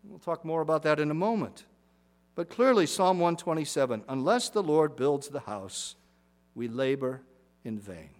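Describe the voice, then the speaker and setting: A middle-aged man delivering a sermon from the pulpit. His voice sits a little high for a man, and he preaches earnestly, leaning on repeated phrases for emphasis. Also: darkish tone. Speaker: pastor.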